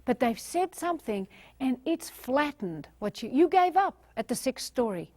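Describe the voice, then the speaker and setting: A woman's voice: high-pitched, very animated, normal speed, dark tone, no room sound. A woman from Australia, giving a motivational talk and acting out the voices she quotes. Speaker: motivational speaker.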